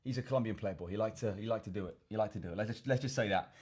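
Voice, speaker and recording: English fitness guy talking fast, kinda husky, rambles and repeats himself a lot. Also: lowish voice, a little mellow. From England. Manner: rambling, repeats words, addresses viewers as chaps. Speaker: fitness coach and vlogger. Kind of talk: casual Q and A to camera.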